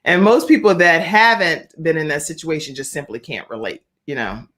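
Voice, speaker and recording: A woman's voice: low voice, moderate pace. Chatty woman hosting a live show. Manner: chatty, reads viewer comments aloud with animated emphasis. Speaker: host. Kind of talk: live online talk show interview.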